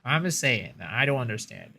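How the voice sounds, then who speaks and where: Lively, profane male streamer. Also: mid-range voice, brisk, gravelly. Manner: rambling, profane, filler-heavy with lots of "like"; chats to viewers in the stream chat. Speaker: game streamer. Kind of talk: casual live-stream chat while gaming.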